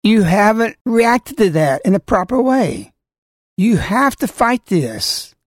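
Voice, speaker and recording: Man preaching, scolding and forceful, rhetorical questions, dry close sound. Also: sits high, big pitch swings, slow, no echo. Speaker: religious speaker. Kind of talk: preaching talk.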